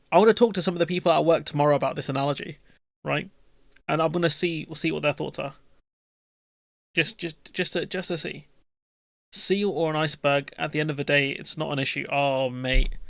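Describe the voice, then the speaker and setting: A man's voice: fairly high pitch, fairly even intonation, brisk, gravelly, fairly bright tone, no room sound. A man, hosting a live stream and chatting casually with his viewers in a jokey, rambling, slangy way.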